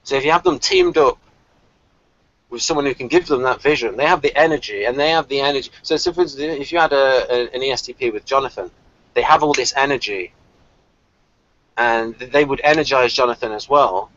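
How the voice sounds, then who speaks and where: A man hosting a casual online group discussion, talking in a lively, animated way and laughing often. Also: medium pitch, fairly quick, no echo. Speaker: discussion host. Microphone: video call. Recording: dull lo-fi call audio.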